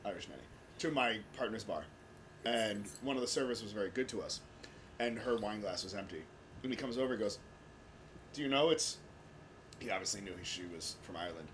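Male host, jokey and foul-mouthed, lively up-and-down delivery, faint hiss. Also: lowish voice, fast. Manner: joking and profane. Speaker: podcast host. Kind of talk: casual interview chat.

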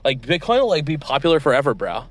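A man's voice: mid-range voice, big pitch swings, fast talker. A man hosting a comedy sketch interview, playing a mock-outraged, exasperated interviewer. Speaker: show host.

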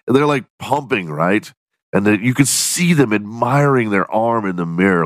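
A man's voice: fairly low pitch, animated, moderate pace, no echo, studio quality. A man hosting a show, riffing in a casual comedic monologue, swearing freely and laughing often. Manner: profane, joking, laughs often. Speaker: podcast host.

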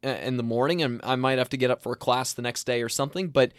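A man's voice: medium pitch, fairly even intonation, fast, clean tone, no room sound, clean studio sound. A young man in his twenties hosting a casual chat, talking with enthusiasm and often restarting his sentences. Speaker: host.

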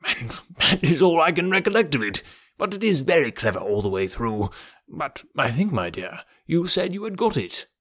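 A fussy, anxious old gentleman and father, as a man reads him aloud, sighing and fretting over his loved ones. His husky voice swings widely up and down, heard close and dry. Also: on the high side, very animated, normal speed, dry recording, pitched above the performer's own voice. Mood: fretful. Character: fretful elderly fond father, gentleman. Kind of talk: audiobook reading.

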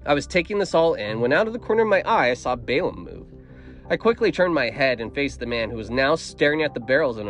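A man narrates a first-person story in a steady, measured reading voice. His pitch sits at an ordinary middle for a man, even and unhurried.

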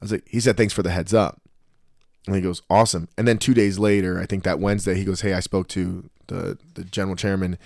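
A man's voice: sits low, fast, creaky, no room sound, clean studio sound. A man co-hosting a podcast, telling stories in casual chat and acting out what others said, with plenty of swearing. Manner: animated storyteller, acts out quotes, swears often. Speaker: podcast co-host.

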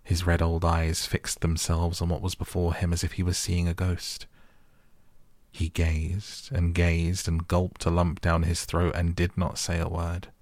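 A man narrating a storybook audiobook for sleep in a calm, gentle, measured way. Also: deep voice, no echo. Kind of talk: soft bedtime audiobook reading.

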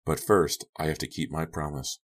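A man reading the part of an unhinged young woman, speaking quietly with calm, eerie menace. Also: very deep voice, normal speed. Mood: quietly menacing.

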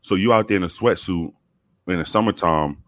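Deep-voiced man telling a story casually. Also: a little fast, no room sound, studio quality. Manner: relaxed, conversational with fillers. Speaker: guest recounting academy training.

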